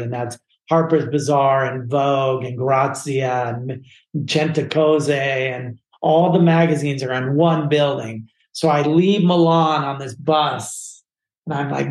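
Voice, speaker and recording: A man's voice: mid-range voice, steady tone, a little slow. A man from California telling his life story as a podcast guest, candid and rambling with lots of "like". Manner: candid and rambling, uses "like" a lot. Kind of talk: personal storytelling. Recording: roomy echo.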